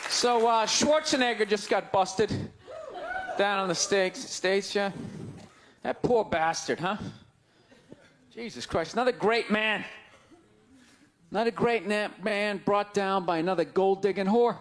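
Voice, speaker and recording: A man with a Boston accent doing a stand-up set on stage, ranting in loud, exasperated bursts that break into shouts. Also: sits high, unhurried, long pauses. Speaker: stand-up comedian. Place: live comedy stage before an audience. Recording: live crowd laughter, faint background noise. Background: audience laughter.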